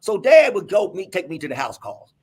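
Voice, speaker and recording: A middle-aged man, a doctor, telling emphatic stories in a lively, husky voice. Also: high voice, brisk. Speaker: guest doctor. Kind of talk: animated storytelling.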